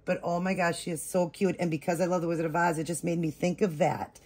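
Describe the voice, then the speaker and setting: Gushing husky woman unboxing on camera. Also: fairly low pitch, flat delivery, a little mellow. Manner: gushing, repeats oh my gosh, drawn-out exclamations. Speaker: reborn doll vlogger. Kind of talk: excited unboxing chat to viewers.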